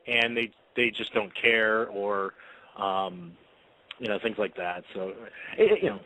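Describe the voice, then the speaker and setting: A man's voice: on the low side, measured pace, bright, forceful tone, low-quality recording. A man co-hosting an online radio talk show, chatting with lots of fillers and hesitations. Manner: hesitant, many fillers, trailing off. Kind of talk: casual chat.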